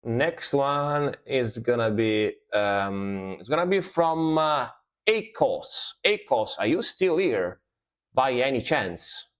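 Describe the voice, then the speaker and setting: A man's voice: medium pitch, expressive, slow pace. A man streaming music reactions in easygoing casual chat, repeating himself and leaning on "you know". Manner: laid-back, loose, repeats words and adds "you know".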